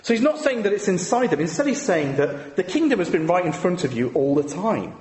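Lively preacher in an echoey church. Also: male voice, high-pitched, brisk. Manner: conversational, asks the congregation rhetorical tag questions. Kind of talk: sermon. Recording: echoey hall with long reverb.

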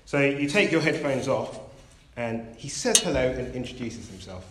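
A man preaching a sermon, telling a story in a measured, gentle way. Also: medium pitch, expressive, background noise. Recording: roomy echo.

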